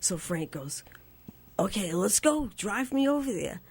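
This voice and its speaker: A woman, a guest telling a story on a radio show, laughing often and jumping to a squeaky high voice when she plays her younger self. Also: sing-song, measured pace, vocal fry, a little mellow, breathy edge. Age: 60s.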